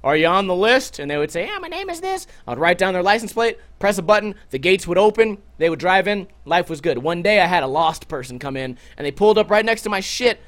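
A young man with a high-pitched voice, hosting a livestream and telling stories to his chat. He swears constantly and jumps into loud, animated outbursts when he quotes people. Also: fast, hardly any pauses. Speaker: livestream host. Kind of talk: casual profane storytelling to a stream chat.

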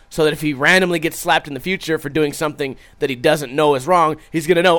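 A man's voice: on the high side, quick pace, few pauses. A young man streaming, chatting casually and profanely, acting out his stories and reading viewer comments. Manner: profane, animated, acts out his own stories.

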